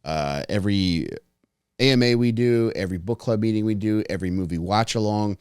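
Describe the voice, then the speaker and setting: Deep-voiced man telling stories, dry sound. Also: fairly quick, a little mellow, smooth, no room sound. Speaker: podcast host. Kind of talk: casual chat.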